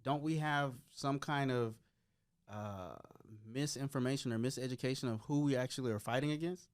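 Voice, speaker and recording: A man giving measured, reflective explanations in a casual podcast discussion. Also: mid-range voice, clear, resonant tone.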